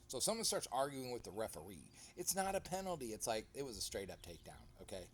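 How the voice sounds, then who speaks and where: A man's voice: medium pitch, fast talker, a little hiss or hum. A man, a goalkeeper animatedly recapping his own soccer match in casual commentary. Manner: animated storytelling, acts out other players.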